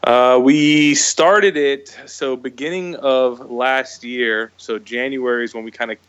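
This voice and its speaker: A man from Florida, a guest speaking in an easygoing, relaxed way in a casual interview. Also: medium pitch, takes it slowly, smooth. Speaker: guest, business co-owner.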